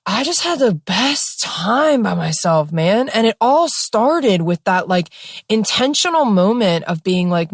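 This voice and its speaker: A young woman telling a personal story in a casual, expressive way, with lots of fillers and some swearing. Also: medium pitch, a little slow, breathy edge, no room sound, clean studio sound. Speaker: podcast host.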